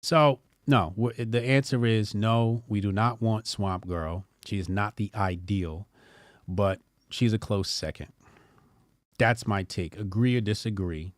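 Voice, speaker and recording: A man's voice: on the low side, a little slow, no room sound, studio quality. A man hosting a casual opinion show, talking bluntly with rambling, joking asides. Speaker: commentary show host.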